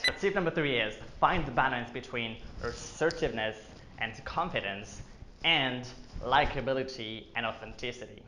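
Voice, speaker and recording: A man's voice: mid-range voice, normal speed, music in the background. A man vlogging about marketing in a casual, joking explainer style with lots of fillers. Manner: joking asides, filler-heavy. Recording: echoey room.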